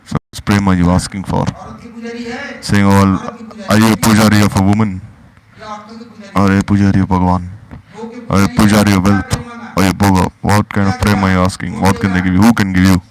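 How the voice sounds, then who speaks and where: A man's voice: low-pitched, flat delivery, brisk, pauses often, crowd noise, poor audio. A man giving a devotional discourse, pressing his listeners with repeated rhetorical questions. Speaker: spiritual teacher.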